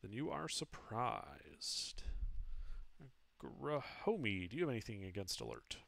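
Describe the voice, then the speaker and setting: A man narrating as game master, giving rulings in a lively, steady way. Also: lowish voice, a little slow, vocal fry, no room sound.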